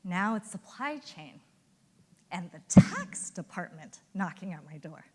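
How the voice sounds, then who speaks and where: A woman giving a conference talk as an animated storyteller who acts out the voices of colleagues she quotes. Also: lowish voice, unhurried, slightly rough, long reverb tail. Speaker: conference speaker. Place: hotel conference ballroom.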